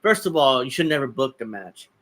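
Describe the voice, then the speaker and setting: A man's voice: mid-range voice, very animated, fairly quick, fairly bright tone. A man hosting a casual wrestling podcast, opinionated and rambling, chuckling often as he talks. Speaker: podcast host.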